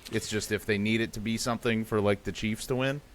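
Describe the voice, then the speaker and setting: A man's voice: on the low side, steady tone, fast talker, slight background noise. A man co-hosting a sports podcast, chatting casually and rambling with sarcastic asides. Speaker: podcast co-host.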